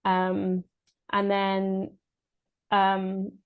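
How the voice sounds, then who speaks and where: A Scottish woman recounts her story as a podcast guest in relaxed, unscripted speech. She hesitates a lot and restarts her sentences, with laughs slipping in. Her pitch stays fairly level and even throughout. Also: extremely slow, clear, resonant tone, narrow, tinny audio. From Scotland. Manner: hesitant, many fillers and restarts, laughs often. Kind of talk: casual spoken birth story.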